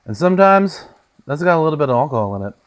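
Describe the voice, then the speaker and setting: A man's voice: on the high side, racing. A man hosting a casual cooking demonstration in a home kitchen, chatty and joking, his voice sometimes drifting away from the mic. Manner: chatty and joking, with lively swings in loudness. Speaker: home cook host.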